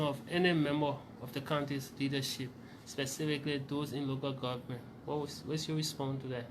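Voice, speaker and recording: A man as a reporter asking a formal interview question in a measured way. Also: medium pitch, steady tone, a little hiss or hum.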